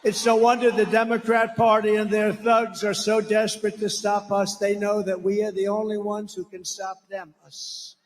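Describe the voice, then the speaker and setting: A man's voice: high voice, monotone, normal speed, hardly any pauses. A man speaking as a political candidate at a campaign rally, blunt and rambling, full of asides and name-calling. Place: large rally venue. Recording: echoey rally hall reverb.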